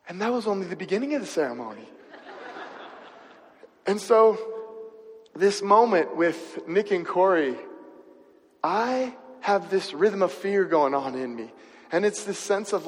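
A long reverb tail follows the high voice of a man preaching. As a pastor telling a personal story, he keeps it conversational and often asks his listeners questions.

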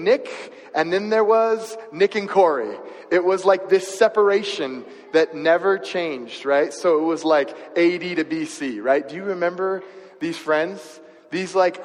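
A man's voice: high-pitched, big-room sound. A man preaching a sermon and telling a personal story in a conversational way, often asking his listeners questions. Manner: conversational, asks the audience questions. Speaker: pastor.

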